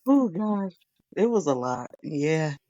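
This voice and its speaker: A woman's voice: low voice, very animated, slow, warm tone, no room sound, muffled recording. A woman, a guest on a casual TV review chat, chatty and laughing as she acts out quotes. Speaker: podcast guest.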